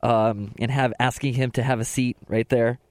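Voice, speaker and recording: A man co-hosting a podcast, telling anecdotes in a laid-back, deadpan way. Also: mid-range voice, moderate pace, no room sound, clean studio sound. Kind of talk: casual chat.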